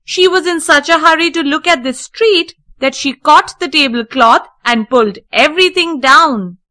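A woman's voice: sits high, moderate pace, pushed and bright, voice pushed up. A woman doing a sweet pleading little girl. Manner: earnest, pleading.

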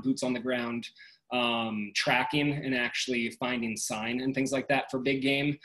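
A man on a webinar panel over a video call, talking in a relaxed way with many pauses and ums. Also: medium pitch, rough recording.

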